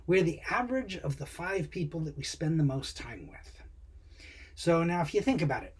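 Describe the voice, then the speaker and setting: Guy doing a chill motivational vlog, kinda husky breathy voice, chatty, asks you questions. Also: on the high side. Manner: conversational, relaxed, asks the viewer questions. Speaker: purpose coach. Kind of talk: casual motivational talk to camera.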